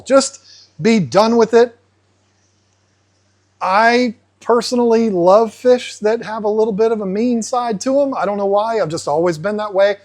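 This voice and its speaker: A man hosting an aquarium channel, explaining casually and acting out fish in playful asides. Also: high voice. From United States. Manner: animated, acts out fish voices in asides.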